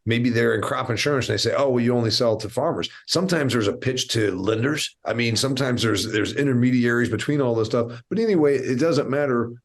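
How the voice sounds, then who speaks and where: A man hosts an interview podcast in a loose, conversational style. He tells stories and drops blunt asides, and his voice sits at an ordinary medium pitch. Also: fairly quick, few pauses. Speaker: podcast host.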